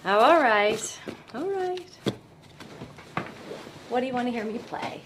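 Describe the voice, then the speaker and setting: A woman acting in a film drama, speaking gently and indulgently. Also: a little high, animated, takes it slowly, noisy background.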